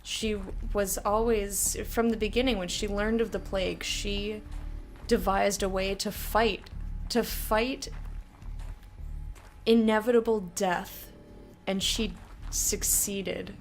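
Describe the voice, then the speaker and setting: A woman's voice: mid-range voice, steady tone, slow pace, faint music behind. A woman giving casual live commentary while playing a video game, chatty and reactive, often laughing and talking to her chat.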